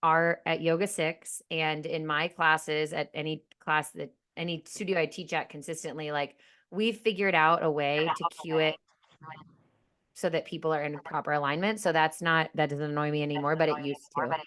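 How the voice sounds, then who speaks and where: A woman who teaches yoga, co-hosting a podcast in relaxed, conversational chat. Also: low-pitched, normal speed. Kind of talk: casual chat.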